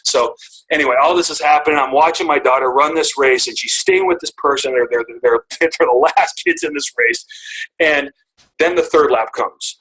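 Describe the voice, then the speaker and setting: A man's voice: on the high side, moderate pace, fairly bright tone, low-quality recording. A middle-aged man telling a personal story to his team on a call, earnest and emotional, often restarting his sentences.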